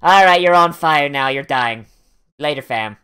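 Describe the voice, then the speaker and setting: A man's voice: on the high side, a little slow, sharp tone, clear, resonant tone, pitched below the performer's own voice. A man voicing a lazy, overpowered male slime hero in an offhand, bored way.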